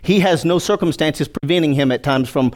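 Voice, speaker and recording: A man's voice: on the high side, a little fast, a little mellow. A male pastor preaching a sermon, joking with the congregation and calling for responses.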